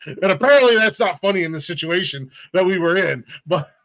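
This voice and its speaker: Gravelly-voiced man rambling with fillers. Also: high voice, animated, a bit bright, dry recording, rough recording. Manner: rambling, halting with many fillers. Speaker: podcast co-host. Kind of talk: casual podcast chat.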